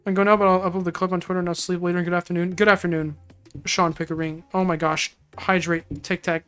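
Young adult streamer, casual excitable game commentary, bright forceful tone. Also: medium pitch, quick pace, smooth. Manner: excitable, exclamatory reactions.

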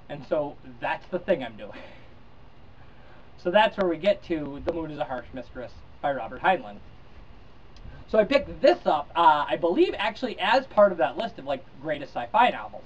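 A man's voice: fairly high pitch, very animated, moderate pace, recorded from a distance, a little hiss or hum. A man talking casually about a science fiction novel, rambling with fillers and restarts. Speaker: book reviewer. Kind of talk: casual book review with read-aloud. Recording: dull lo-fi sound, slightly off-mic.

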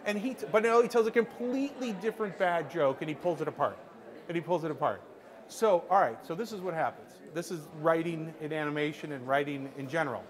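Man, middle-aged, fairly high voice, lively storyteller, acts out quotes. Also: a little fast. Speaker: screenwriter speaking to a workshop audience. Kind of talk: animated storytelling anecdote.

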